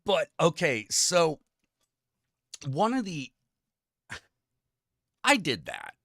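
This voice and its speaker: A man in casual podcast chat, talking in a lively way with frequent "you know" and "um.". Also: a little high, very slow, vocal fry, no echo, clean studio sound.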